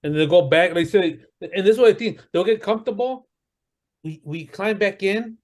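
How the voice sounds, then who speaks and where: A man's voice: high voice, normal speed, a little mellow. A man co-hosting a casual sports podcast, ranting heatedly and swearing often. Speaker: podcast co-host.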